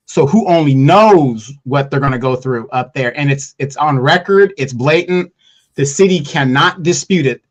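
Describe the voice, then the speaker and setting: Man co-host, a bit high-pitched, earnest, halting. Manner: earnest, explanatory, halting starts. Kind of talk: casual live-stream chat.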